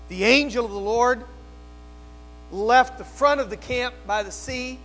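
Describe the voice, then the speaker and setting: A high-voiced man preaches slowly and deliberately, telling the story dramatically from hushed tones to loud cries. His voice rings through a long hall reverb, with faint music and a mains hum underneath. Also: lively intonation. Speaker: pastor. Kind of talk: sermon.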